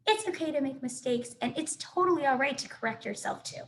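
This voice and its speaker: Woman, teacher, children's read-aloud, encouraging, higher voice. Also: lively intonation, fairly quick, slight background noise. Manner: warm, encouraging, speaks directly to students. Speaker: elementary school teacher.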